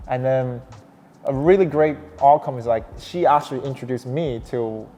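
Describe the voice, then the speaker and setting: A young adult man, a startup founder, walks through his story in a relaxed interview, his medium-pitched voice at a normal pace. He's animated but frequently backtracks and uses fillers, and the audio carries long hall reverb with faint noise.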